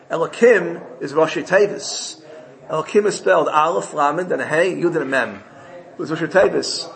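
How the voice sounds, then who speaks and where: A man giving a Torah sermon, telling a parable with animated storytelling and frequent self-corrections. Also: a little high, normal speed, creaky, rough recording.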